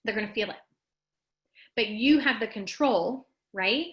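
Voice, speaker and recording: A woman hosting a casual motivational talk, speaking straight to her viewers in an animated, emphatic way and reading out their comments. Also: measured pace, poor audio. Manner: animated and emphatic, rising high when making a point; talks straight to the audience and reads out their comments. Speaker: host of a live wellness talk.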